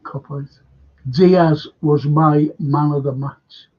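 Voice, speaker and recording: A man's voice: fairly high pitch, steady tone, slow, breathy edge. An older man hosts a live fan stream, reading viewers' comments aloud and answering them chattily. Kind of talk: casual live-chat reading. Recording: dull lo-fi stream audio.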